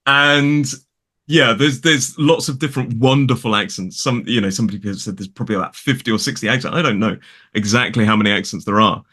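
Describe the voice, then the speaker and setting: A man with a British English accent, an English teacher talking casually as a guest from a home studio in a spare room, chatty and quick to correct himself. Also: medium pitch, bright, forceful tone. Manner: chatty, self-correcting, laughs often. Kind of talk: casual conversation.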